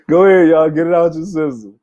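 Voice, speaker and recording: A man's voice: on the high side, mellow, lo-fi sound. A man hosting a casual livestream, talking loosely to his chat with frequent fillers and laughter. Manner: laid-back, laughing, talks to chat with many fillers. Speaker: show host.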